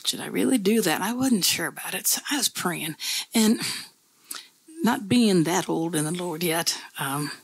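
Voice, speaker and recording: A woman's voice: lowish voice, animated, measured pace, husky, no echo. A woman pastor preaching a sermon in a conversational, folksy storytelling way, with repeated phrases.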